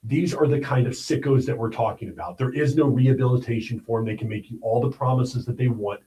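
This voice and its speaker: A man's voice: medium pitch, fast talker, dark tone, poor audio. Man, livestream host, opinionated news talk, blunt and emphatic, mid-range voice. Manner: blunt and emphatic, with repeated "all right?" asides.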